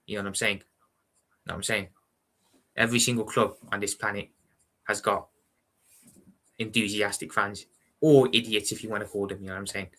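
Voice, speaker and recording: A man with a Scouse accent talks on a live football watchalong stream in a casual, blunt way. His voice sits fairly low but comes across bright and forceful. He rambles and circles back on his points. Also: steady tone, a little fast, long pauses. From Liverpool, England. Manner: blunt, rambling, repeats "you know what I'm saying".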